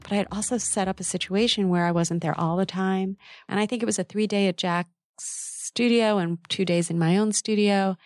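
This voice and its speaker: A middle-aged woman, a textile designer and author, telling a personal story in an interview in a lively, candid way with quick asides. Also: medium pitch, no room sound, studio quality.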